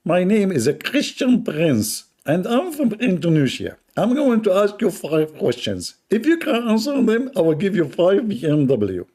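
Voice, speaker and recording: A man's voice: sits high, wildly swooping pitch, normal speed, hardly any pauses, darkish tone, slightly rough, voice pushed up, heavily acted. A man doing a mocking imitation of a boastful male challenger. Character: mimicked young male debater, high and boastful.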